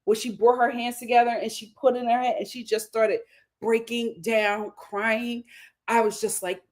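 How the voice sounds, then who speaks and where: Animated woman recapping reality TV. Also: fairly high pitch, normal speed. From United States. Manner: animated, dramatic storytelling with laughter. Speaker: host.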